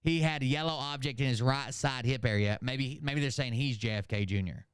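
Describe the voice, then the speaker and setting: A man's voice: mid-range voice, brisk, clear, resonant tone, dry recording, clean studio sound. A man hosting a casual commentary show, reading emails aloud with sarcasm and swearing. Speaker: host.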